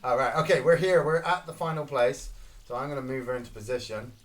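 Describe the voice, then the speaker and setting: A Scottish man giving casual, excitable gameplay commentary, swearing and reacting loudly to each kill. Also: mid-range voice, fast. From Scotland. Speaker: gaming streamer.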